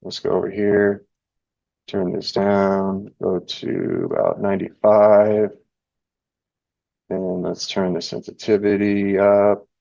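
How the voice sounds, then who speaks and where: Young male streamer, low voice, loose and rambling, dry lo-fi audio. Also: takes it slowly, creaky, dry recording. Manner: relaxed and rambling, reading chat and charts aloud. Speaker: live trading show host. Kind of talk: casual live-stream chat. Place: home indoors.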